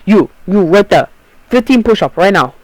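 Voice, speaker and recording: A guy doing a raging male substitute teacher who barks orders in a raised, higher voice. The voice is put on for a storytime vlog and sounds clipped and insistent, and the room sounds dry and close. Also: animated, fairly quick, no echo. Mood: barking. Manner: shouting short commands.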